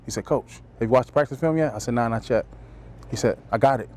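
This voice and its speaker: A man, a high school football coach, telling stories in an interview and acting out the quotes with animation. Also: fast talker. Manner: animated storyteller, acts out quotes. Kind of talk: anecdotal interview storytelling.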